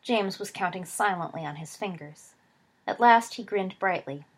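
A woman reading a story aloud as narrator, steady, dropping low and soft for dialogue tags. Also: normal speed, husky. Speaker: reader.

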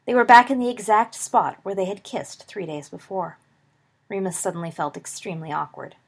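A woman reads a story aloud, steady and expressive. Her voice is mid-pitched and breathy. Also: moderate pace. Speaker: reader. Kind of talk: reading fan fiction aloud.

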